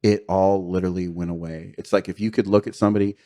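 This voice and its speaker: Deep-voiced man sharing a raw testimony. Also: flat delivery, fast talker, mellow. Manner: earnest, confessional, with frequent fillers and short laughs. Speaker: podcast guest. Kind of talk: candid personal testimony.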